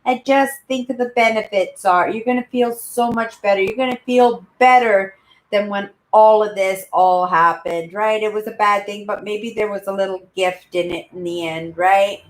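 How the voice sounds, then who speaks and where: A woman in her sixties, host of a casual live-stream chat, who rambles and keeps adding "right?" and calls herself a loud talker. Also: medium pitch, fairly even intonation, moderate pace. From Canada. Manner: self-described loud talker. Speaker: channel host. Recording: roomy echo.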